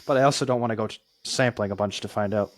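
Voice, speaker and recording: A man's voice: lowish voice, fast. A man co-hosting a podcast in casual chat, easygoing and often giving short agreeing replies. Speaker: podcast co-host.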